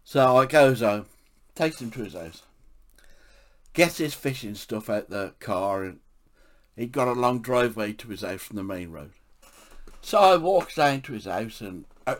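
A man's voice: lowish voice, animated, normal speed. A man from England, telling funny anecdotes from his life for a podcast and often laughing at his own stories. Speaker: podcast storyteller. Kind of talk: anecdotal storytelling.

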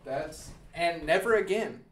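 A man with a slightly higher-than-average voice tells a story in casual podcast chat. He rambles, swears freely and keeps checking in with "okay?" and "dude.". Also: expressive, a little slow. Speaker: podcast host.

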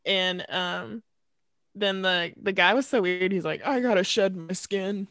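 A woman's voice: mid-range voice, unhurried, very noisy. A woman in a casual chat, laid-back and giggly as she recalls scenes.

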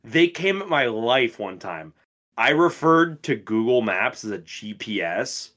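A man in his twenties co-hosting a podcast, telling stories in a casual, profane and animated way. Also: medium pitch, unhurried. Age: 20s. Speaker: podcast co-host. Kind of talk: casual chat.

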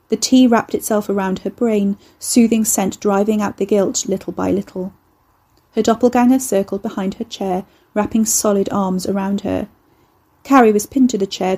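A woman reading a horror novel aloud in a measured, intimate narration. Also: medium pitch, steady tone, dark tone. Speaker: audiobook narrator.

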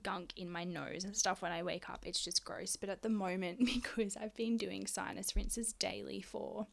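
A woman's voice: mid-range voice, gravelly. A woman hosting a casual solo podcast, chatty and frank, swearing freely and out of breath. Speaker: podcast host.

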